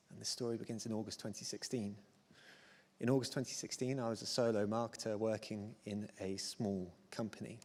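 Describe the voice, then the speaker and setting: A man's voice: medium pitch, darkish tone. A British man in his thirties giving a self-deprecating, chatty conference talk with plenty of fillers and restarts. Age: 30s. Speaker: conference speaker. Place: large conference hall on stage. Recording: hall reverb from a stage mic.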